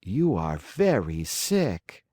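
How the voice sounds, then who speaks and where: A man voicing a gentle, patient, motherly fairy who speaks softly and coaxingly in an audiobook. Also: deep voice, huge pitch swings, extremely slow, no room sound, studio quality, full character voice. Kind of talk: audiobook character voice.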